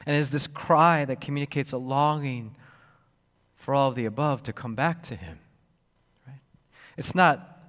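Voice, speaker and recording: A man preaching a sermon, expressive and repetitive, acting out the voices he quotes. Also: medium pitch, moderate pace, long pauses, in a large hall. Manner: expressive, acts out quoted voices, repeats words. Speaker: pastor.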